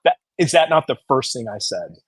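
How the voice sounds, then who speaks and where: Blunt husky-voiced man chatting. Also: mid-range voice, a little fast, no echo, low-quality recording. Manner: blunt, profane, animated retelling. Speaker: guest. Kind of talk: casual livestream chat.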